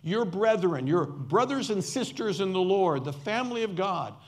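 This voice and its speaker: A man's voice: high voice, expressive, moderate pace. A man preaching a sermon as pastor, emphatic and repeating key words for stress, with playful asides.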